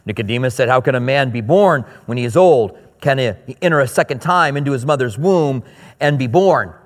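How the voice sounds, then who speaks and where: Male pastor, sermon, slow scripture reading, quick explanatory asides, mid-pitched voice, long hall reverb. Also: lively intonation.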